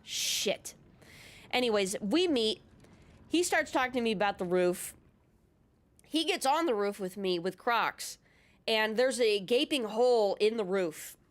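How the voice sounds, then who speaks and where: A woman from California casually telling an anecdote over gameplay, animated and sometimes swearing. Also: medium pitch. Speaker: gaming YouTuber.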